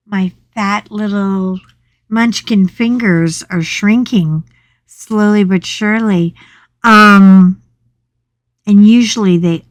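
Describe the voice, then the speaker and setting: A woman's voice: on the low side, a little mellow, no echo. A middle-aged woman hosting a casual chat, telling a story dramatically with yelps and swearing. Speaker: coloring channel host.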